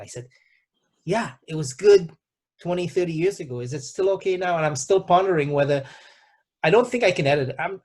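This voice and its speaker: Soft-spoken, hesitant man host, fairly high. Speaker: podcast host. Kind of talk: casual interview chat.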